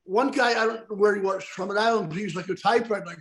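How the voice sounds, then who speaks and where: Sex: man. Role: host. Style: casual talk-show chat. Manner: rambling, tag questions. Pitch: high. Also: quick pace. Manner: chatty, rambling, checks in with asides.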